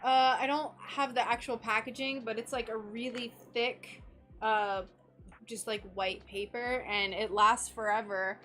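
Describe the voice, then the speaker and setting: Slow, chatty woman streamer, giggly. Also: a little high, steady tone, fairly bright tone. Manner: chatty and giggly, with frequent laughter. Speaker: craft livestream host. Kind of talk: casual chat while working, reading viewer comments. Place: home workshop in Florida.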